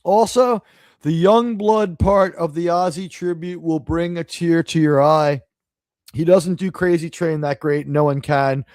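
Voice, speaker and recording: This New York City live-stream host has a fairly high, slightly mellow voice and speaks a little slowly with fairly even intonation. His casual rant is profane, sarcastic and rambling, captured on a dry recording.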